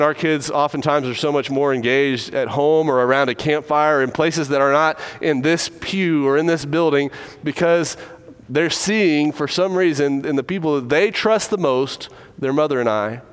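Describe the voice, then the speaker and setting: A middle-aged man preaching a sermon in a church, earnest and measured, stressing key words. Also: fairly high pitch, clean tone. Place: church building.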